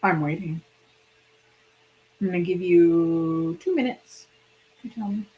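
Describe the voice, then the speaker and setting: A woman's voice: lowish voice, slow, dark tone, rough recording. A woman hosting a casual livestream, chatting and rambling directly to her viewers while sick and hiccuping. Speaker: livestream host.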